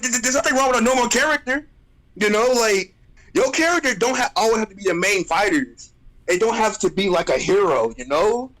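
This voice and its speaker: A high-voiced man rants on a casual livestream, his pitch leaping all over as he roasts people. He sounds exasperated and animated, hammering the same phrases again and again. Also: rough recording. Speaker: streamer. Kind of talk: casual ranting stream chat.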